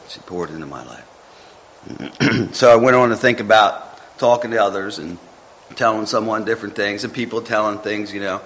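A man's voice: on the low side, fairly bright tone, a little hiss or hum. Male lay speaker, informal sermon, chatty and meandering; slightly dull recording with faint background. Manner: folksy, rambling, chatty asides. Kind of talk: informal devotional talk. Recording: muffled with faint background ambience.

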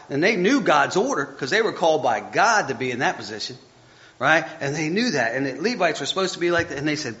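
A preacher delivers a chatty, self-deprecating sermon, stumbling over scripture as he reads it aloud. His voice is a little high, pushed and bright, captured on a dull lo-fi recording.

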